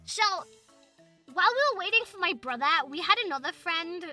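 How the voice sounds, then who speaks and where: Woman, British accent, young, high lively voice, excitable, swears, faint music behind. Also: fairly quick. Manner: excitable, swears a lot, loud outbursts. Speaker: VTuber streamer. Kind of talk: casual chat with stream chat.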